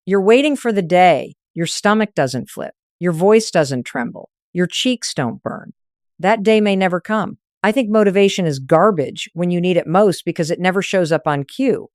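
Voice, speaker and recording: Female motivational narrator, lower register, firm coaching delivery, short punchy lines, dry close sound. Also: animated, moderate pace, a little mellow, no echo.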